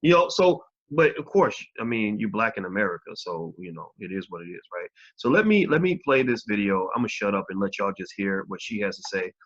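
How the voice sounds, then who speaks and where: Man, low voice, livestream host, casual chat, frank, swears freely, dull lo-fi audio. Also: big pitch swings, fairly quick, hardly any pauses, a bit bright. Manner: frank, talks to viewers directly, swears freely. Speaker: host of a live video channel.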